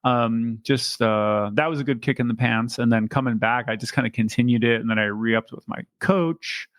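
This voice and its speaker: A man's voice: mid-range voice, normal speed, fairly bright tone, no echo, studio quality. A man co-hosting a podcast, chatting casually about bike racing and rambling with lots of ums and restarts. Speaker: podcast co-host and amateur bike racer. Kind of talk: casual chat.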